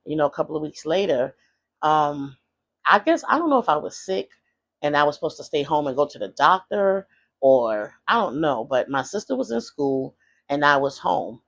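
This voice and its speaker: A man recounts his past for a vlog, wandering and hesitant, often circling back with fillers. His voice sits a bit high for a man and has a gravelly edge. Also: big pitch swings, normal speed, a bit bright. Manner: rambling, hesitant, many fillers and restarts. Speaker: vlogger. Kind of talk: personal storytelling.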